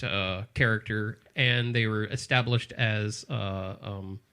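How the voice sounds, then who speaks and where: A man hosting a casual movie podcast, talking in a rambling, halting way with many fillers. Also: on the low side, steady tone, pushed and bright, smooth. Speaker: podcast host. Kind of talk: casual chat about movies.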